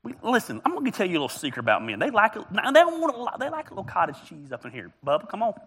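A man's voice: high voice, huge pitch swings, racing, fairly bright tone, slightly rough. A man preaching a humorous, storytelling sermon as a pastor, joking and teasing his congregation. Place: church auditorium.

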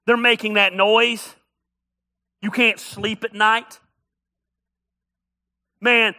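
A male pastor preaching a sermon, telling stories with humor and building up to shouts. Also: high voice.

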